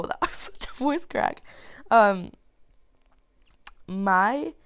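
A nineteen-year-old woman talking alone on her podcast, thinking out loud. She rambles through tangents with lots of fillers and casual swearing. Her voice has a gravelly, fry-tinged edge and sits at a middle pitch, and she sounds like she is getting over a cold. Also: animated, drawn-out words, pauses often. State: sick with a cold. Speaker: podcast host. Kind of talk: solo podcast monologue.

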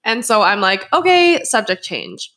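A woman co-hosting a laid-back podcast, reading a listener's story aloud and breaking off for chatty asides. Her voice sits at an ordinary middle pitch. She laughs easily between lines. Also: normal speed, fairly bright tone. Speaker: podcast co-host. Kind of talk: casual chat and story reading.

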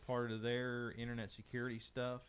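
A man's voice: mid-range voice, completely flat delivery, moderate pace, clean tone, dull audio. A man hosting a casual tech podcast, reading news items aloud with frequent fillers and restarts. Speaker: podcast host.

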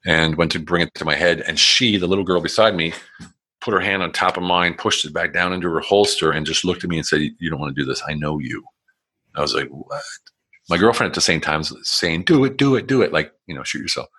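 This very deep, slightly rough voice with a sharp tone comes from a man in his forties who is a guest recounting his life. His manner is casual, blunt and rambling, with lots of swearing, regular restarts and fillers, and acted-out quotes.

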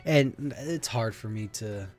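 A man's voice: mid-range voice, slow pace, darkish tone. Casual male host, loose and rambling, swears, faint music underneath. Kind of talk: casual solo chat.

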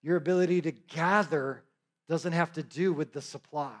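A man's voice: a little high, moderate pace. A middle-aged male preacher giving a conversational sermon, with joking asides and frequent check-ins with his listeners.

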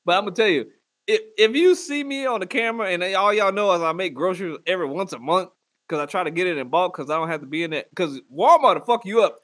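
A man, hosting a casual chat and telling profane, animated stories with mock voices. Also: sits high, fast.

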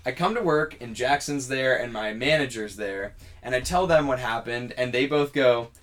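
A man's voice: mid-range voice, normal speed, soft background music. Man telling a story, casually. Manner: animated storyteller acting out dialogue. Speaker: podcast co-host.

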